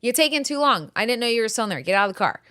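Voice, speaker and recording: A woman's voice: fairly high pitch, animated, sharp tone, no echo, clean studio sound, voice pushed up. Woman imitating her impatient, scolding mother. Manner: brisk and scolding. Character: impatient grandmother scolding a child.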